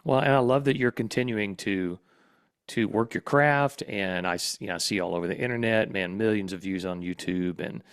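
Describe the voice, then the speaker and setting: A man's voice: on the low side, moderate pace, smooth, no echo, clean studio sound. A man in his sixties hosting a podcast, asking friendly, curious questions in casual conversation. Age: 60s. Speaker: podcast host. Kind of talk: casual interview.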